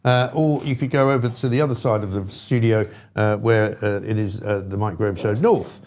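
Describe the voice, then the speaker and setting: A man's voice: lowish voice, steady tone, a little fast, darkish tone, slight background noise. A man hosting a talk show, bantering playfully and mocking himself with a chatty, loose delivery. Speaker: radio talk show host. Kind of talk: jokey studio banter.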